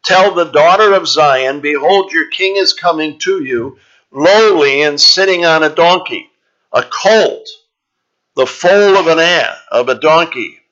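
Bright-voiced preacher man on a dull recording. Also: fairly high pitch. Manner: measured, explanatory, with frequent "uh" pauses. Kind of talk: Bible teaching sermon.

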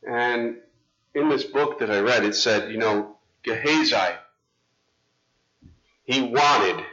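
A male pastor preaching a sermon in a chatty, animated storytelling way. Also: mid-range voice, unhurried, long pauses, highs cut off.

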